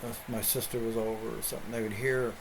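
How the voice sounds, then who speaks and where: A man's voice: mid-range voice, little pitch movement, quick pace, gravelly, background noise. A middle-aged man, a pastor hosting an online show, telling a rambling story in casual chat with many restarts.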